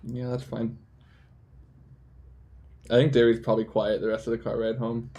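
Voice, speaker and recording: A man playing a tabletop role-playing game, quiet and hesitant. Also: mid-range voice, completely flat delivery, moderate pace, breathy edge. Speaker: player.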